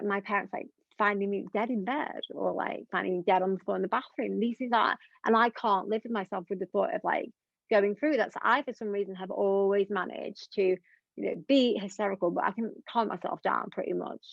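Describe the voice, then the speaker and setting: A woman's voice: mid-range voice, fairly even intonation, brisk, gravelly, dry recording. A young woman, speaking candidly as an interview guest in an earnest, rambling way full of fillers. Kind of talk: candid conversation. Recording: dull lo-fi dry recording.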